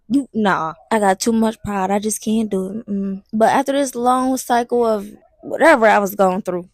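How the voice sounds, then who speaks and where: A young woman with a high, bright voice spins a dramatic storytime, blunt and slangy, chatting to the viewer like a close friend. The sound is dry and close, with no room echo. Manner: animated and dramatic, talking straight to the viewer; slangy and blunt, with some swearing. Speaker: vlogger. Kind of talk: casual storytime.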